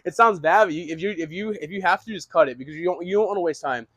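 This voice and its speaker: A young man giving a casual, energetic real estate lesson, restarting phrases and swearing now and then. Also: sits high, rapid-fire, dry recording. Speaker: real estate wholesaling instructor.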